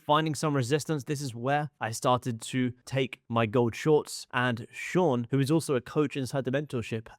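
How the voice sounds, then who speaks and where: This is a young male trading coach speaking close to the mic, his mid-range voice dry with no room sound. He teaches in a quick call-and-response rhythm, asking a question and knocking back the answer himself. He repeats the words he wants to land. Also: mid-range voice, no room sound. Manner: answers his own rhetorical questions in short punchy repeats; emphatic, repeats words for stress. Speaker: trading educator. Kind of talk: chart walkthrough lesson.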